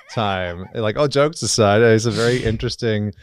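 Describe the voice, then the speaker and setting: A man's voice: lowish voice, moderate pace, a little hiss or hum. A man in his thirties, a guest on a podcast, speaking candidly and bluntly with casual swearing. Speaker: podcast guest, men's work facilitator.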